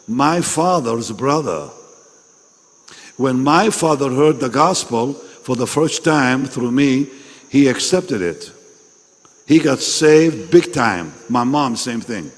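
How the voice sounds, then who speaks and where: A man's voice: medium pitch, lively intonation, takes it slowly. A man preaching a sermon at a pastors' meeting. He is emphatic, repeats his phrases and questions the audience directly. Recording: long reverb in a large hall.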